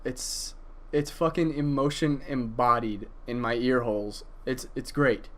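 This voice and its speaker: A man's voice: medium pitch, steady tone, a little slow, fairly bright tone. A man casually reviewing an album, enthusiastic and profane, with frequent hesitations and fillers. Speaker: music reviewer.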